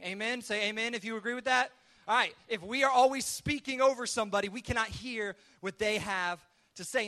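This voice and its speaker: Man, pastor, high voice, conversational sermon, chatty storytelling. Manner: casual, storytelling delivery with lively acted asides.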